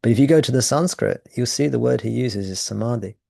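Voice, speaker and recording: Man, spiritual teacher, mellow low voice, dry close sound, explanatory, self-correcting. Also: brisk, vocal fry, no echo. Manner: thoughtful, explanatory, restarts phrases. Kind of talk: satsang talk.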